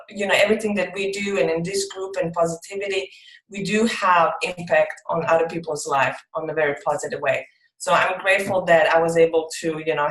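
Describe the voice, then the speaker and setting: A woman with a lowish voice shares on a video call, hesitant and full of fillers. She slows down to stress her points. Her voice echoes as if in a roomy space. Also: a bit bright. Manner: hesitant, many fillers, slow emphasis. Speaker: group call participant. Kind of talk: casual video call sharing.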